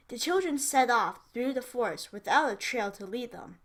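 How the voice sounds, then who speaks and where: A woman teacher reading a children's story aloud slowly and clearly for English learners, with small asides. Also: fairly high pitch, animated, a bit bright.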